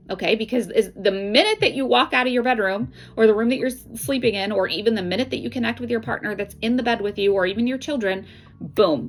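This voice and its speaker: A middle-aged woman speaks as an intuitive card reader, giving casual spiritual guidance straight to the viewer. Her pitch sits in an ordinary middle range for a woman. She talks earnestly and conversationally, often checking in with "right?" and "okay?". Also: poor audio.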